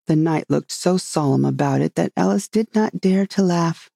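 A reader narrating a classic storybook in a steady, measured way. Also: medium pitch, creaky, dry recording, clean studio sound.

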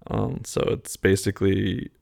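A man's voice: low-pitched, monotone, unhurried, gravelly, a little mellow, no echo, clean studio sound. A man talking casually as he works through a quiz aloud, hesitating and musing between the options. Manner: thinking aloud, hesitant, muttering fillers. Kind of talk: casual talk, taking an online quiz aloud.

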